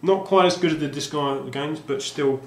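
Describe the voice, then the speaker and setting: Speaking at a moderate pace in a fairly high pitch, this man rambles through a casual tour of his game collection, stumbling over ums and starting sentences again. The recording has a roomy feel and faint ambient sound.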